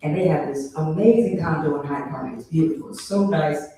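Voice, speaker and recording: A man performing a stand-up set, breaking into shrill high mock voices when he quotes people. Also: brisk, warm tone, a little hiss or hum. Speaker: stand-up comedian. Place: comedy venue stage. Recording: very echoey hall from a distance.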